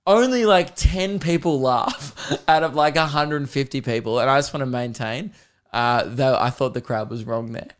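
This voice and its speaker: A man's voice: medium pitch, normal speed. An Australian man in his twenties hosting a podcast, telling rambling, profane comic stories in a casual chat. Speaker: podcast host.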